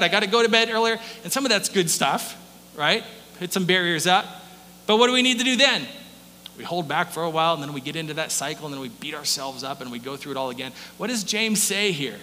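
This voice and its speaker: A man preaching a sermon as pastor, in a conversational style full of rhetorical questions and quick asides. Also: high voice, pushed and bright. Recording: long hall reverb with faint hum.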